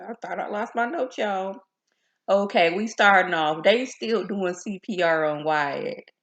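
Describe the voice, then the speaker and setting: A young woman talks through a TV episode, chatty and animated. Her voice sits fairly low, and she jumps into the characters' lines as she tells it. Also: rough recording. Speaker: TV show reviewer. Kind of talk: casual recap vlog.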